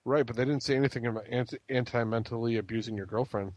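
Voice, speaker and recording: A man's voice: mid-range voice, fast, no echo, highs cut off. A man co-hosting a casual wrestling podcast, recapping with jokes and silly quoted voices. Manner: joking, recaps with mock-breathy quotes. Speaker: podcast co-host. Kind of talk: casual chat.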